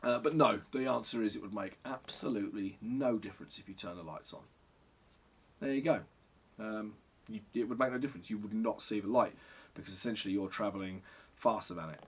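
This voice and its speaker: A man's voice: fairly low pitch, brisk, husky. A middle-aged man answering viewer questions in a casual, rambling vlog, sweary and self-deprecating. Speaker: photographer and vlogger.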